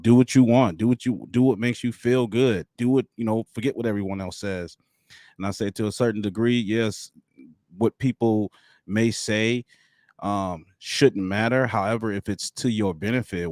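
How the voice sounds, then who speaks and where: A man's voice: low voice, no echo, clean studio sound. A man hosting a live stream, musing aloud in a casual, rambling way with frequent restarts. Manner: thoughtful, rambling, with many restarts.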